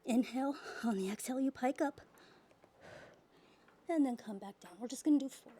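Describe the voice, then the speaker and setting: A woman's voice: high-pitched, moderate pace, dark tone. A woman leading a pilates workout class, giving exercise cues while she works out herself and gets out of breath. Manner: cueing exercises while working out, breathy exhales. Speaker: pilates instructor.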